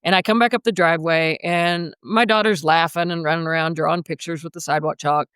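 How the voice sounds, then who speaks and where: A woman's voice: low-pitched, steady tone, a little fast, a bit bright, smooth, no echo, studio quality. A woman coach, a podcast guest, telling a personal story in a vivid, dramatic way.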